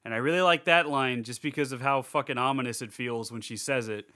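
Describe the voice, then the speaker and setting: A young man with a medium-pitched voice and a sharp tone speaks briskly. Co-hosting a podcast, he recaps a movie in casual chat, rambling with lots of fillers and swearing freely.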